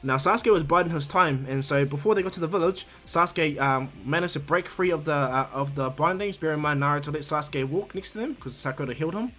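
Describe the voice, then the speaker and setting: A man's voice: a little high, quick pace, hardly any pauses, a bit bright. A man casually narrating a fan what-if story, rambling with frequent restarts.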